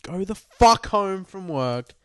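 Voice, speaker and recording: A young man co-hosting a podcast, tipsy, loud and rambling, swearing a lot in casual banter. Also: sits high, lively intonation, takes it slowly, clear, resonant tone, dry recording. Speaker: podcast co-host.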